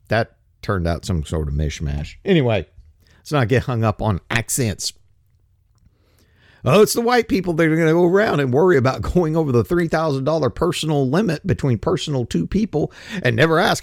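A man's voice: medium pitch, very animated, fairly quick, darkish tone, dry recording, studio quality. A man giving a blunt, profane, rambling opinion monologue. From United States. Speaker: commentator.

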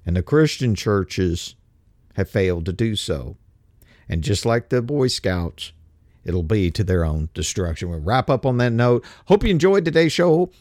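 A man's voice: lively intonation, darkish tone, no room sound, studio quality. A man hosting a talk show, delivering an impassioned, indignant and mocking monologue that climbs to heated, emphatic peaks. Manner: climbs to heated, emphatic peaks, then drops low and slow. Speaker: show host.

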